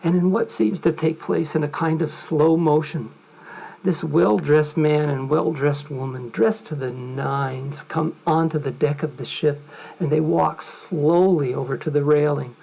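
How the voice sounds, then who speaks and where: A man's voice: fairly high pitch, steady tone, a little slow, creaky, warm tone, slightly rough. A man telling a vivid, conversational story as a trainer in a lecture. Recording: muffled lo-fi recording.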